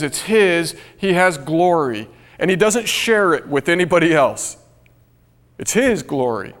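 An earnest man preaches a sermon and slows down to stress his key phrases. His voice sits a little high. The long reverb of a large hall trails behind him. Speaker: pastor.

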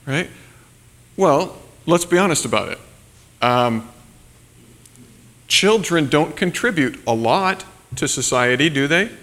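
Pastor, male, slightly high voice, casual sermon with fillers, long hall reverb. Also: lively intonation, slow pace, pauses often, a bit bright. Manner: conversational, many fillers and tag questions.

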